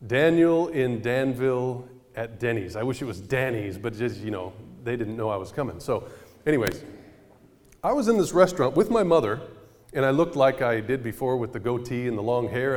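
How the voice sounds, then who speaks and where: A male preacher tells stories from the pulpit in a relaxed, conversational way, stopping now and then to quiz the congregation. His voice sits at a middle pitch. The sound carries a long reverb, like a big church hall. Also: normal speed. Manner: conversational, animated, addresses audience with questions. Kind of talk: storytelling sermon.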